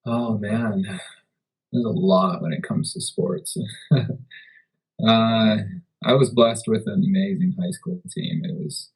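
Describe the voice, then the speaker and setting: Male entrepreneur guest, husky and laid-back, slow delivery. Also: fairly low pitch, a little mellow, poor audio. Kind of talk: casual interview.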